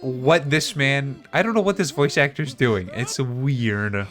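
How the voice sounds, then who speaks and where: A man's voice: mid-range voice, a little slow, fairly bright tone, faint music behind. A male streamer chatting casually and rambling through game commentary, often laughing at himself. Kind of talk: casual let's-play commentary.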